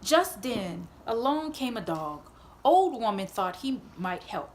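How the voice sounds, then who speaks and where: A woman at home reading a picture book aloud to her child, gently expressive and playful. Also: fairly high pitch, slow pace, slight background noise. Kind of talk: read-aloud storytelling.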